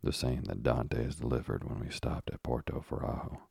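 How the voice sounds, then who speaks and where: A man voicing a sly, evasive male ship's officer in an audiobook, with a gravelly, husky voice. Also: very deep voice, fairly even intonation, normal speed, a little mellow, no echo, studio quality, heavily acted. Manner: sly, insinuating. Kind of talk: audiobook character reading.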